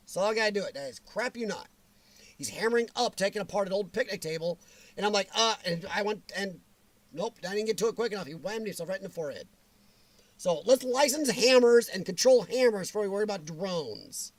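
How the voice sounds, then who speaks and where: A man's voice: high voice, dry recording. A man hosting a casual livestream chat, rambling and blunt, joking as he reads viewer comments. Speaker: livestream host.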